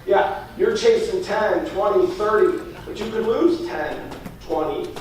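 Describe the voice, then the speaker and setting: With a darkish tone, a sales trainer speaks fast as he teaches a class, acting out a client pitch and often asking "all right?". The room is very echoey, the mic is far away, and there's faint noise.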